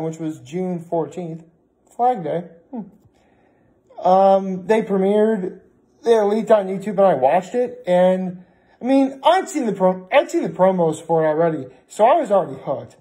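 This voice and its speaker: Rambling, chatty young man with a mellow voice. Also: high voice. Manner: rambling, chatty, self-interrupting. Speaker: vlogger. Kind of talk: casual vlog chat.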